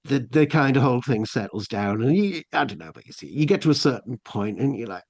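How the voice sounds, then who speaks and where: A man's voice: medium pitch, big pitch swings, fairly quick, few pauses. A middle-aged English man telling a long personal story as a podcast guest, rambling with lots of restarts and fillers. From England. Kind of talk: casual storytelling.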